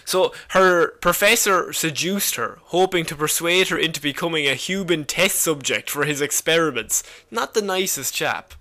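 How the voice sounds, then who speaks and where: A man's voice: on the high side, normal speed, hardly any pauses, bright, forceful tone. A man co-hosting a podcast, explaining a comic villain's history in a casual, jokey way and laughing often. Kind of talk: casual chat.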